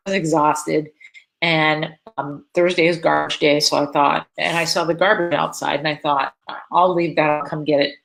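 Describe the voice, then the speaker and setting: A woman from Florida chatting to camera, telling a personal story in a casual, animated way, with lots of fillers and restarts. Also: sits low, vocal fry, low-quality recording. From Florida, USA. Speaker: vlogger.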